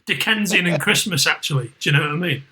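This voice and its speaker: A middle-aged man with a Liverpool accent hosts a podcast, talking quickly in a loose, rambling manner with frequent restarts and plenty of swearing. His voice sits fairly high and comes across bright and tense. The recording quality is low.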